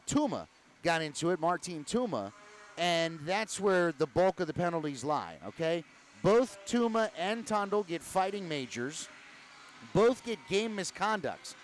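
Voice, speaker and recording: Measured man calling hockey from the booth. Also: a little high, poor audio. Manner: measured, explanatory recapping. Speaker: play-by-play announcer. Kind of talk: hockey broadcast commentary. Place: arena broadcast booth.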